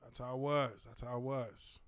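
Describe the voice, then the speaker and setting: A man, a former pro lineman hosting a casual livestream Q&A, telling stories with loud laughs, exclamations and profane asides. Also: medium pitch, fairly even intonation, moderate pace, clear, resonant tone, dry recording, studio quality.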